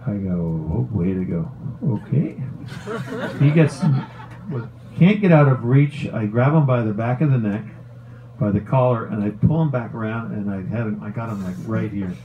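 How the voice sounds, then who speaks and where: A middle-aged man, a former hockey player, tells a long story in a casual, animated way, swearing and laughing as he goes. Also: medium pitch, moderate pace, phone-quality sound. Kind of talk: casual storytelling on a talk show.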